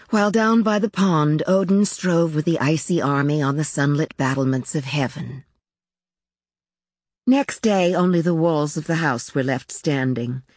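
Woman narrator, measured literary reading, low pitch, dry studio. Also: darkish tone, dry recording. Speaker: audiobook narrator.

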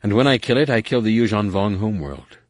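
A man voicing an anguished young male Jedi who rasps and pants through clenched teeth. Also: lowish voice, expressive, fast, no room sound, studio quality, lightly acted. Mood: furious, anguished.

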